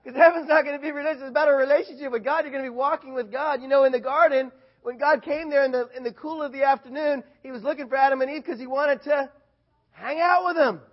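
A man preaching a casual sermon, animated, swinging from loud bursts to quiet asides. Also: extremely high pitch, fast, highs cut off.

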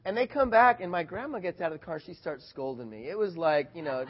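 Animated preacher man telling a story. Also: on the high side, brisk, few pauses, dull audio. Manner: animated storyteller, gets loud and excited. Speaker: pastor. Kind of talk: sermon with personal story.

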